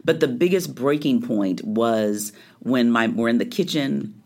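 A middle-aged woman speaks as a guest in a relaxed interview. She tells a personal story with feeling, her voice rising and falling as she acts out what others said. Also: rumbling low, unhurried. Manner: animated storytelling, acting out quoted lines.

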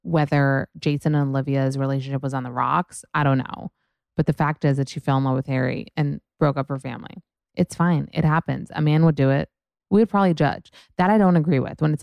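A woman's voice: low voice, fairly even intonation, a little fast, gravelly, a little mellow, no echo. A young woman hosting a podcast, chatting frankly and profanely about celebrity gossip in a rambling way. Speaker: podcast host. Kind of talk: casual gossip chat.

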